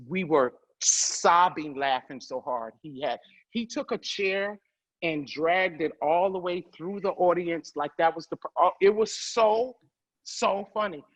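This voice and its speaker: A woman comedian telling stories as a guest, loud and profane, quick to laugh. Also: on the low side, lo-fi sound. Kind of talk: animated storytelling.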